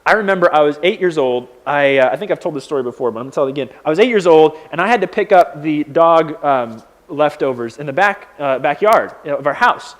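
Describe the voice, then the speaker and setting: A man's voice: on the high side, fairly quick, hardly any pauses. A young man preaching as a pastor in a casual, conversational way, telling stories with lots of fillers and restarts. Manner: conversational, animated storytelling with many fillers. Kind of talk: sermon.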